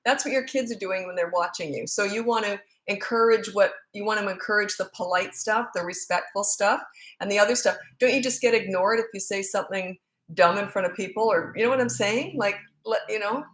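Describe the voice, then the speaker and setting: A woman's voice: medium pitch, fairly quick, a bit bright. Chatty middle-aged woman in a roomy space. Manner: chatty, frank, anecdotal, full of fillers. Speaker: parenting coach. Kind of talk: casual Q&A answering viewer questions. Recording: roomy echo.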